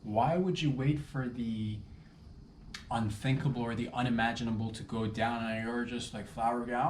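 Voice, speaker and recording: A man's voice: mid-range voice, steady tone, normal speed, slight background noise. Rambling man in an echoey room. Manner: rambling, self-interrupting, playful. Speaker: comedian. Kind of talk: improvised comedic monologue. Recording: roomy echo with faint ambience.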